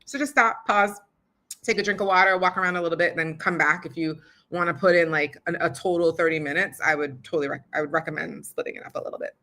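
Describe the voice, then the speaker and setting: A woman's voice: on the low side, steady tone, quick pace, sharp tone. A young woman hosting a podcast, giving a casual how-to talk on recording audiobooks in a chatty, filler-heavy way and laughing often.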